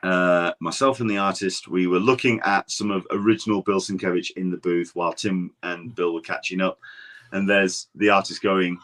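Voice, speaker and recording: A man's voice: low-pitched, fairly even intonation, moderate pace, fairly bright tone. An English man, a guest podcaster, telling stories in casual chat, rambling with frequent restarts. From England. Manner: rambling anecdotal storyteller, many restarts.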